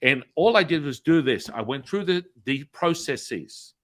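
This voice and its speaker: A man hosting a podcast, telling a story in a chatty way with many fillers and tag questions, and acting out the dialogue with big swings in pitch and loudness. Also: expressive, measured pace. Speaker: podcast host. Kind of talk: animated storytelling.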